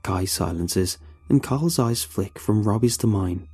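A man telling a first-person horror story in a tense, measured way. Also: on the low side, mellow, slightly rough, faint music behind.

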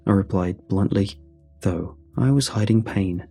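Male horror narrator: low, husky, measured and somber. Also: steady tone, mellow, faint music behind. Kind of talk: scripted horror story narration.

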